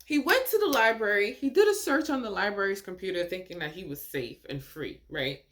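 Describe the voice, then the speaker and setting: Animated, lively-pitched woman reacting. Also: brisk. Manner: animated, incredulous, laughs often, rhetorical questions. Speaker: reaction video host. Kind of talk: casual reaction commentary.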